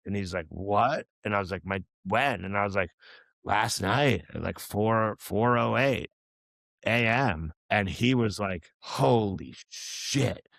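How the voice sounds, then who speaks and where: A man's voice: fairly low pitch, slow, gravelly, fairly bright tone, no room sound. A man, a musician guest on a podcast, earnestly telling a rambling personal story with many restarts and fillers. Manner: earnest, reflective. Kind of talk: casual storytelling chat.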